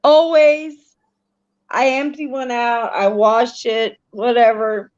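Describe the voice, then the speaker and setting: A woman from Missouri chatting casually, telling long, unhurried stories. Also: fairly high pitch, steady tone, a little mellow, lo-fi sound. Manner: slow, drawn-out storytelling. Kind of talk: casual live chat.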